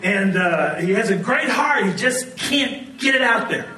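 A man preaching a sermon, telling stories in an animated way and often laughing as he talks. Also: high-pitched, measured pace, reverberant, far from the mic, poor audio. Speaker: pastor.

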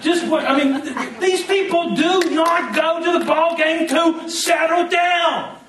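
A high-voiced male pastor delivers an animated, joking sermon and has the congregation repeat lines back to him. He is heard in a roomy, echoing church hall, a little distant from the mic. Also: unhurried, a little hiss or hum.

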